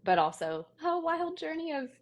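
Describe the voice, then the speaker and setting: A young woman speaks earnestly about parenting over a video call, with a gravelly edge to her voice. A faint noise sits behind her. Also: very high-pitched, normal speed. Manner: earnest, animated storytelling with quoted asides. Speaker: guest, parenting content creator. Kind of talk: casual live video chat.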